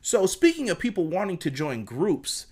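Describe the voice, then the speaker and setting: A man's voice: sits high, wildly swooping pitch, moderate pace. A young man recapping a wrestling show in a casual, slangy way, putting on voices for the quotes and reading out viewer comments.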